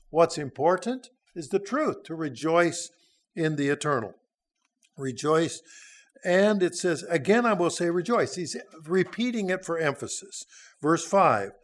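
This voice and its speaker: A man in his sixties giving a sermon, teaching through a Bible passage in a folksy, conversational way with frequent hesitations. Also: fairly high pitch. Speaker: church speaker.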